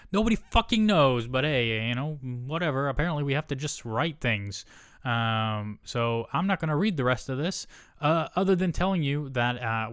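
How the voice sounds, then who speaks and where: Guy doing casual nerd news, sarcastic, swears a lot, smooth voice, dry close sound. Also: on the high side, dry recording. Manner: sarcastic, profane asides. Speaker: host.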